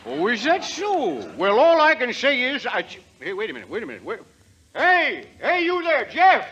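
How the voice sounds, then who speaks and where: An actor playing a boisterous, rough-edged Western rancher in 1940s radio acting, talking in folksy slang and laughing often. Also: male voice, very high voice, huge pitch swings, normal speed, a bit bright, lo-fi sound, exaggerated voice. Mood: jovial. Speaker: lead in a radio comedy.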